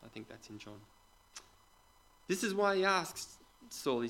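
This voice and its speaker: A man's voice: fairly high pitch, sing-song, measured pace, rough recording. Conversational man preaching a sermon. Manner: conversational, addresses the congregation directly with questions; drops to quiet asides. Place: church with a congregation.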